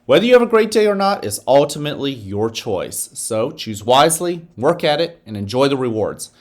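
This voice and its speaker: Casting: male school principal, expressive and varied pitch, gentle guided breathing, encouraging morning announcements. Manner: slow, soothing guided-breathing instructions; upbeat, encouraging address to children. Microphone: office microphone.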